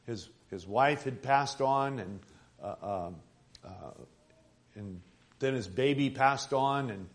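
A man preaching a sermon, speaking haltingly with many fillers and restarts. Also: medium pitch. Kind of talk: sermon with a read-aloud story.

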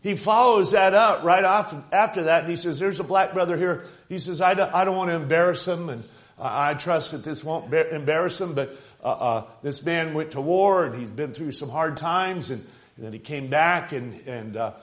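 A man preaching a fervent sermon, retelling stories and building to loud exclamations. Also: fairly high pitch, moderate pace. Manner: fervent, rising to shouts, quoting and laughing.

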